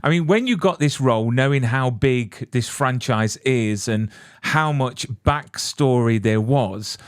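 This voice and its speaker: Male interview host, enthusiastic, rambling questions, mid pitch, dry sound. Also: measured pace, smooth, no echo. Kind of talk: casual interview.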